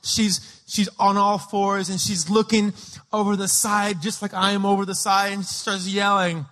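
A high-voiced man preaching from the pulpit, his bright, ringing tone carrying through a large hall with a long reverb tail. He tells childhood stories with animated energy, breaking into shouted voices of the people in them. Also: moderate pace. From Peru. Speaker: pastor. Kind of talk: sermon with personal storytelling.

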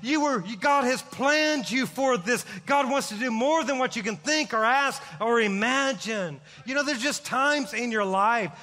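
A middle-aged man, a pastor, preaching a sermon with impassioned, rising shouts. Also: very high-pitched, a little slow, few pauses. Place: church sanctuary. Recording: long hall reverb.

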